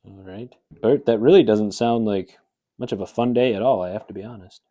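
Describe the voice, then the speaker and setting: A man playing a deadpan, sardonic late-night host. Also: fairly low pitch, fairly quick, muffled recording, natural voice. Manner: deadpan, sarcastic interjections. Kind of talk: improvised sketch comedy banter.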